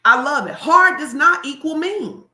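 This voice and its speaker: Bright, animated woman preaching in an echoey room. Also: high-pitched, measured pace. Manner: animated, colloquial, addresses the crowd directly. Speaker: pastor. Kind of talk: sermon-style motivational talk.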